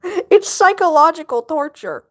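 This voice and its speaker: A woman chats on a casual livestream as she works on a drawing, rambling from thought to thought and laughing often. Her voice sits high and moves around a lot, full of swings in pitch. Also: big pitch swings, a little slow. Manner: rambling, chatty, laughs often, talks to viewers.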